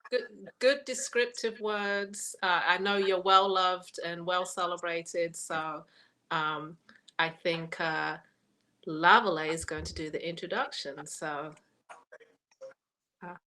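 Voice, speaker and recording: A woman's voice: lowish voice, fairly even intonation, slow, sharp tone. A woman co-hosting a casual livestream chat, playful and laughing, with hesitant fillers. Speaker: show co-host.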